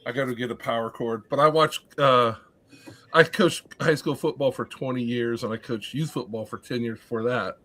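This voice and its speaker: A man's voice: medium pitch, steady tone, moderate pace, a bit bright. A man in the middle of a casual podcast chat tells coaching stories with a dry, self-deprecating edge. His voice sits in an ordinary middle register. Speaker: panelist, football coach.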